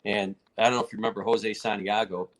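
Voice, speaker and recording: A man with a fairly low voice tells a story in a relaxed interview. He talks casually and animatedly, and his pitch jumps when he acts out what people said. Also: fast. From United States. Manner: animated, acts out quotes in a raised voice. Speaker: martial arts federation president, guest.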